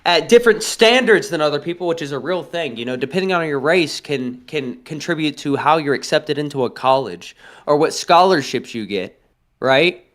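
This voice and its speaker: A man's voice: a little high, expressive, normal speed, fairly bright tone. A man co-hosting a livestream chat, lecturing bluntly on a topic and often checking in with "all right?". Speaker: livestream co-host. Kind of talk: casual political chat.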